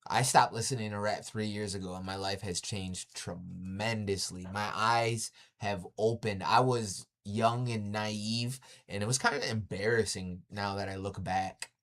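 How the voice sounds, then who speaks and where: A man's voice: on the low side, a bit bright. Profane man ranting to live chat. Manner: blunt and profane, says "yo" again and again; repeats himself for emphasis. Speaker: livestreamer. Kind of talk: casual rant to live chat.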